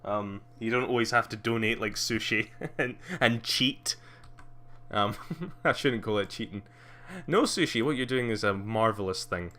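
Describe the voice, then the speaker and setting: Young male streamer, lower register, bright tone, loose chatty delivery full of ums. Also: a little slow. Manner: rambling, many fillers, laughs often. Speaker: live streamer. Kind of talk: casual live-stream chat.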